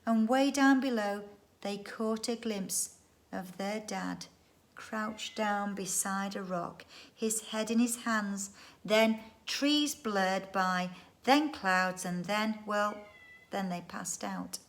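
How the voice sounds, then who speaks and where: A woman's voice: mid-range voice, slow. Woman reading a children's story. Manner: lively, expressive reading with voiced characters. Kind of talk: reading a children's book aloud. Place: home. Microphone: phone or webcam.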